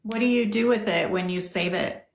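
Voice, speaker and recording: A woman's voice: mid-range voice, moderate pace, vocal fry. A married woman co-hosts a live stream in chatty, teasing talk, cheering on viewers. Her voice rings out in an echoey room. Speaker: co-host of a witchcraft live stream. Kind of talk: casual live-stream chat. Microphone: phone on a live stream.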